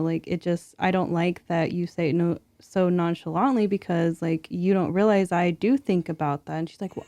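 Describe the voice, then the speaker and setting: A woman's voice: fairly low pitch, darkish tone, no room sound. A young woman, a mother, talking reflectively as a podcast guest in casual chat, with lots of filler words.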